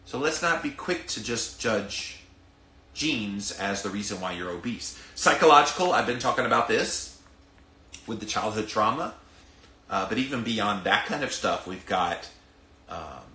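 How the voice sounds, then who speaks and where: A man's voice: lowish voice, expressive, unhurried, bright, forceful tone, roomy sound. A middle-aged man with a Southern US accent hosting a podcast, ranting emphatically and speaking straight to his listeners. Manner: emphatic, preachy, addresses listeners directly. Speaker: podcast host. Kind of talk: ranting commentary.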